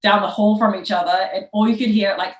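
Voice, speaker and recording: A woman's voice: medium pitch, steady tone, fast. A young woman chats loosely on a podcast, spinning a story between laughs and fillers. Her voice sits in a middle range. The room around her rings with echo. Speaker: guest. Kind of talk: casual podcast chat.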